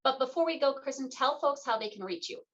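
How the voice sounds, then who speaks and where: A woman's voice: sits high, fast. Brief: radio host, woman, middle-aged, playful conversational delivery, muffled lo-fi recording. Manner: animated, playful, acts out quoted voices. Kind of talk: casual conversational interview. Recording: dull lo-fi sound.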